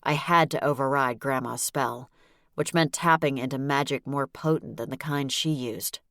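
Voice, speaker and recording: A woman narrating a novel in the first person, with a wry, brisk delivery. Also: a bass voice, a bit bright, dry recording, clean studio sound. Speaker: audiobook narrator.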